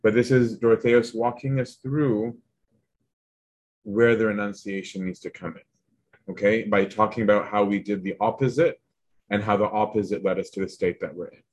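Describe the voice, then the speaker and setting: Man, husky voice, casual spiritual lesson, conversational, keeps asking "right?". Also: lowish voice, normal speed. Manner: conversational, tags lines with "right?"; animated retelling of a text. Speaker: teacher.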